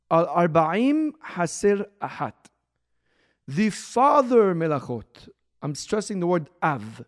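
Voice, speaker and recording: Brief: male teacher, fairly high voice, loose conversational lesson, drops Hebrew terms, restarts often, slows and lifts to stress key words. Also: darkish tone. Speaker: rabbi teaching a Torah class. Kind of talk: recorded religious lesson.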